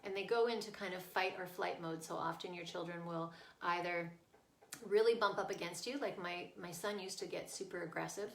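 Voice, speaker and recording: A woman's voice: lowish voice, fairly even intonation, fairly quick, a bit bright. A woman parenting coach explaining, earnestly and casually, how to stay with a child through a tantrum. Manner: earnest, explaining, checks in with "right?". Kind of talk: casual teaching talk. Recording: echoey room.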